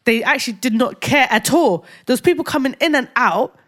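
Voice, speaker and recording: A woman's voice: sits high, a little fast. A young woman, co-hosting a casual podcast chat and acting out heated exchanges with rising intensity. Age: young adult. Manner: animated, acts out quoted exchanges with rising intensity. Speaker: podcast co-host.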